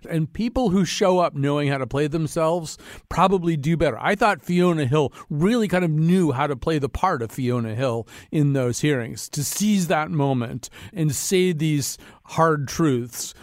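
A man's voice: a little high, unhurried, dry recording, clean studio sound. A man hosting a podcast in a conversational, reflective chat. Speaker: podcast host. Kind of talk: casual chat.

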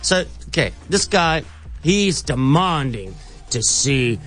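A man's voice: fairly high pitch, big pitch swings, slow pace, fairly bright tone. A man hosting a morning radio show, chatting playfully and setting up a prank call. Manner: playful, sets up jokes. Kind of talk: casual radio banter.

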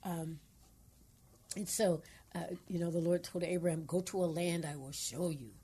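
A woman co-hosting a Christian radio talk show, speaking earnestly and quoting scripture, sometimes dropping into hushed asides. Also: on the low side, steady tone, normal speed, husky.

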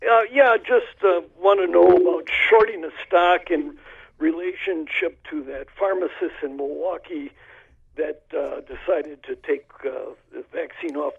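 Gravelly guy on a tinny phone line, halting, kinda high. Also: recorded from a distance. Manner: halting, hesitant. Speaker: caller. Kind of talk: phone-in question. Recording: raspy phone line from afar.

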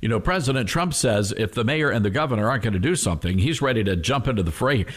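Talk radio host, male, folksy and emphatic, lively up-and-down delivery. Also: mid-range voice, fast, husky. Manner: folksy, emphatic, repeats phrases. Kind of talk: conservative talk radio monologue.

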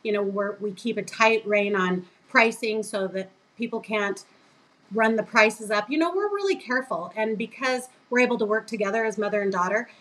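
A middle-aged woman, a guest on a podcast, telling a lively story and acting out the voices of the people in it. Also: mid-range voice, normal speed, rough recording. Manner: animated, acts out quoted voices. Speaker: guest, business co-owner.

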